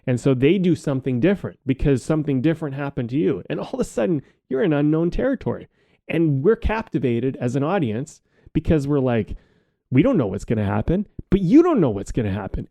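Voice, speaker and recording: Man in a podcast chat, warm mellow voice, dry close mic, muses out loud and curses casually. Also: on the high side, no echo. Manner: reflective, rambling, swears casually. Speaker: podcast co-host.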